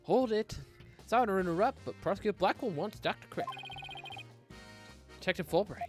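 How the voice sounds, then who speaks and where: A man's voice: high voice, animated, fairly quick, soft background music, voice pushed up. A man voicing an overeager male police detective while reading game dialogue aloud. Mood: eager. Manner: upbeat, eager reading of game lines.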